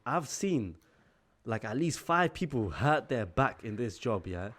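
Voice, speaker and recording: A man of twenty-two, telling a casual story-time vlog in a chatty, exasperated way, full of "like" fillers. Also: medium pitch. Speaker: vlogger.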